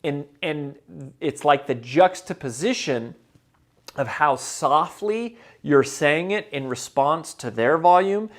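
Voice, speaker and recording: A man giving advice as a motivational speaker, emphatic and repeating key phrases, moving between loud and soft delivery for effect. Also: mid-range voice. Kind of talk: direct-to-camera advice talk.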